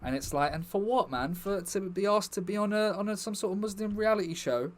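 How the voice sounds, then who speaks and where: A young man with a fairly high-pitched voice talks casually to his viewers at the end of a stream. He rambles from topic to topic with jokey asides to the chat. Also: a little fast.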